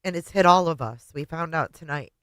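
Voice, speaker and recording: Tearful woman streamer, halting and soft. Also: low-pitched, no echo. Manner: emotional, halting, often trailing off softly. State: tearful, voice breaking. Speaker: livestream host. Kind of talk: casual livestream chat.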